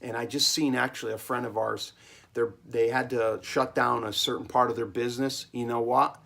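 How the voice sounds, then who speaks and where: A man's voice: medium pitch, fairly even intonation, moderate pace, vocal fry, sharp tone. Emphatic man rambling in his cellar. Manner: emphatic, rambling, keeps checking in with "okay?". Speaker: small business owner giving advice. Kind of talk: casual monologue vlog. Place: home cellar.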